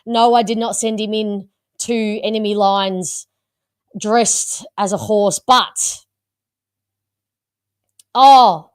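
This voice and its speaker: A woman's voice: medium pitch, steady tone, slow, pauses often, clean tone, no echo, clean studio sound. A woman hosting a live fan reaction show, chatty and teasing, laughing often with her guests. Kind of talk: live-stream casual chat.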